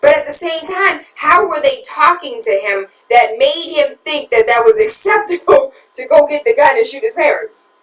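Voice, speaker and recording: A woman's voice: sits high, lively intonation, moderate pace, few pauses, echoey room, far from the mic, poor audio. A woman hosting a talk radio show, preaching at listeners with rhetorical questions and candid confessions about her own parenting.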